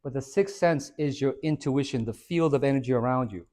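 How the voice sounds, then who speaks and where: A man's voice: mid-range voice, brisk. A middle-aged man, a fitness coach, giving a motivational talk to a small group in a salon, telling stories and acting out both sides of conversations with jokes. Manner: animated storyteller acting out dialogue, jokey. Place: hair salon, indoors.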